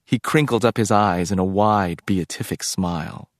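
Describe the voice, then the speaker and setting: Audiobook: deep-voiced man narrating in a measured, reflective way, dry close sound. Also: no room sound.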